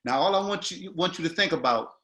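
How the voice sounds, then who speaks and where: A man giving notes to an acting student, halting and repeating words as he quotes lines aloud. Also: fairly high pitch, lively intonation, a bit bright. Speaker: acting teacher. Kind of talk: coaching notes in a class. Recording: roomy echo.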